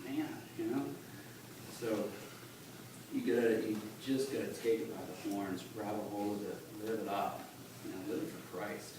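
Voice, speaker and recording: Low-ish voiced guy giving his testimony at church, kinda rambly and earnest, phone mic far off, lots of room noise. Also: steady tone. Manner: halting, conversational, earnest. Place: church sanctuary. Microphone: phone in the congregation. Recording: echoey church on a distant phone, noisy.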